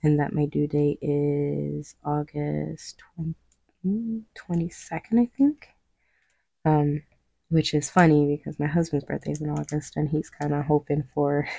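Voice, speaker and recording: A woman's voice: low voice, creaky, dark tone, dry recording. A young woman chatting casually while she paints, rambling, with lots of fillers and little laughs. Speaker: craft vlogger.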